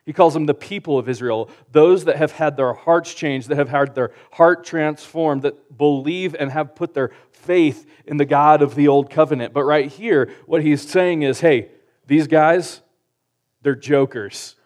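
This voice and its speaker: A male pastor preaching in a relaxed, conversational way, using slang and asking the audience rhetorical questions. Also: a little high, normal speed, few pauses. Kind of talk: conversational sermon.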